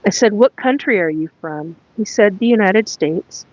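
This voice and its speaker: A woman hosting a live solo chat, recounting a spirit reading in a halting way as she reads from her notes. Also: mid-range voice, expressive, dry recording, dull audio. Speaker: psychic medium host.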